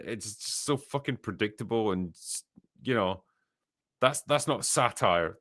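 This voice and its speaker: A Scottish man with a somewhat low voice hosts a casual podcast. He reads viewer messages aloud and answers them with dry, profane, sardonic quips. The sound is dry and close to the mic. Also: fairly bright tone, no room sound. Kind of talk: casual chat.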